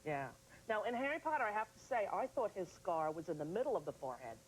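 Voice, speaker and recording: A woman's voice: mid-range voice, sing-song, quick pace, a little hiss or hum, rough recording. A woman hosting a TV talk show interview in a studio, chatty and playfully teasing.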